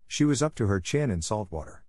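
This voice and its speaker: A man narrating a classic storybook in a steady, clear reading. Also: on the low side, a little fast, no room sound, studio quality. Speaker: audiobook narrator. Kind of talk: scripted narration.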